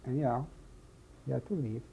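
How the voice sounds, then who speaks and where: An older man from Czechoslovakia, telling his life story in an oral history testimony, halting and slow, repeating phrases as he remembers. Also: medium pitch, vocal fry, mellow. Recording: dull lo-fi recording, faint hiss.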